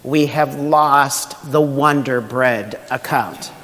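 Mild, hesitant elderly church leader, as a male pastor puts him on mid-sermon; slow, roomy reverb. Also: mid-range voice, a bit bright. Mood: announcing.

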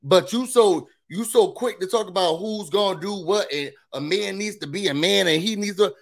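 A man with a somewhat high voice hosts a casual reality TV recap. He speaks emphatically and sprinkles in blunt, opinionated asides. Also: normal speed, gravelly.

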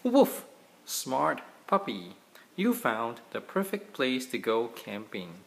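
Animated dad reading a storybook. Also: male voice, medium pitch, slow, vocal fry, a little hiss or hum. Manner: animated, gentle, playful. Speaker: father reading to his children.

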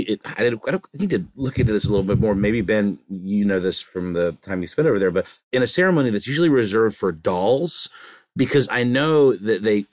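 A man co-hosting a podcast, talking casually and rambling, with many fillers and restarts, often amused. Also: low-pitched. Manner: amused, chuckling. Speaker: podcast co-host.

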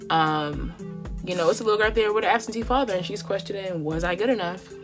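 A woman's voice: mid-range voice, quick pace, over music. A woman in her twenties doing her makeup at home while she talks candidly to her viewers, heartfelt and conversational, calling them y'all. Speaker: beauty vlogger. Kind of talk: chatty get-ready-with-me monologue.

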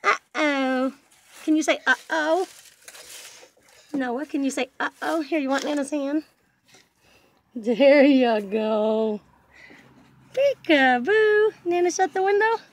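Very high sing-song grandmother. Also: slow, pauses often, slight background noise. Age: older. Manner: sing-song, coaxing, playful. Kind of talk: baby talk to a toddler. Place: back yard, outdoors.

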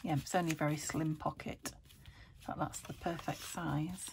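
A woman's voice: deep voice, fairly even intonation, normal speed, background noise. A woman chatting to herself as she crafts a junk journal, muttering and talking to her materials as she works. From United Kingdom. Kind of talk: casual crafting commentary.

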